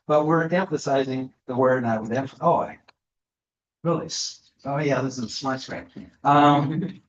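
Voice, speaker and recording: A man's voice: mid-range voice, slight background noise. A man giving a lecture to an audience, talking with many fillers and restarts. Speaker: guest speaker. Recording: echoey room, slightly dull sound.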